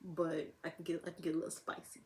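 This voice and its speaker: A woman's voice: deep voice, completely flat delivery, fast, darkish tone. A young woman talking casually to camera as a vlogger, rambling and laughing often.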